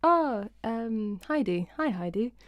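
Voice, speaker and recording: Unhurried, chatty young British woman streaming. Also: a little high, expressive, dry recording. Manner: chatty, rambling, self-deprecating, greets viewers by name. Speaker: singer-songwriter hosting her weekly live stream. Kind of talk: casual chat with live chat viewers. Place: home, indoors.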